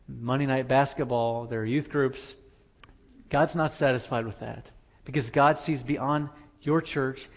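A man preaching a sermon as pastor, earnest, repeating phrases for emphasis. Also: mid-range voice.

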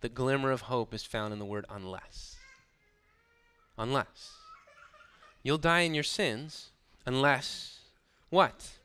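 A man's voice: mid-range voice, slow pace, pauses often, pushed and bright, smooth. A man preaching a sermon, building emphasis and dropping into sarcastic asides. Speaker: pastor.

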